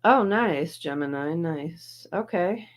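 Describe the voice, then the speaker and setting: Slow-talking middle-aged lady host, rambly chat with her viewers, sore and a bit off today. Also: on the low side, animated. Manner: chatty, rambling, greets viewers by name. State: in some pain, feeling off. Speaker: livestream host reacting to videos.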